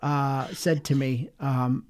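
A man's voice: mid-range voice, steady tone, takes it slowly, darkish tone. A man co-hosting a faith webcast, talking reflectively and circling his thoughts with many fillers. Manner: meandering, many "you know" fillers. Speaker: webcast co-host.

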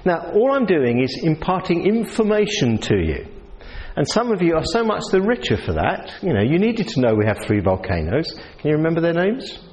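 A man's voice: a little high, wildly swooping pitch, normal speed, a little mellow. A man with a New Zealand accent preaching a sermon in a conversational way, asking his audience questions. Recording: reverberant hall.

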